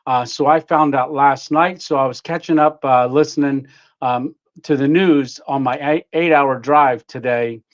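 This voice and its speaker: A man's voice: medium pitch, fairly even intonation, unhurried, dull audio. A man hosting a casual home livestream, greeting viewers by name with lots of fillers and little laughs. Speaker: livestream host. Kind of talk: casual live-stream chat. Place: home room.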